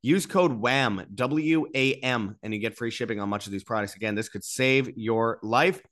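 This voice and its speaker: A man hosting a political commentary show, reading out articles and mocking them, with emphatic bursts and slow drawled key words. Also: medium pitch, a bit bright. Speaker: host.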